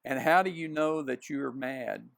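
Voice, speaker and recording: A man's voice: medium pitch, measured pace, gravelly, a bit bright, dry recording, clean studio sound. A man voicing a polite, curious young girl in a storybook read-aloud, earnest and questioning.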